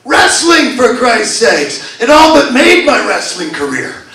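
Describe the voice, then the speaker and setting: A man doing a stand-up comedy set in a club, telling stories with profanity and shouted punchlines. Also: extremely high pitch, wildly swooping pitch, a little slow. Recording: echoey club recording from far off, loud crowd laughter.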